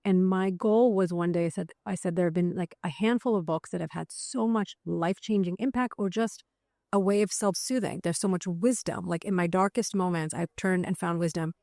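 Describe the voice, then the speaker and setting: A middle-aged woman on a podcast, her voice a little low and recorded close and dry with no room sound. She talks in animated stories, leans on fillers like "like" and "you know", and slips into the voices of the thoughts she quotes. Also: moderate pace, creaky, no room sound. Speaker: psychiatrist and author, podcast guest. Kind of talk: conversational interview.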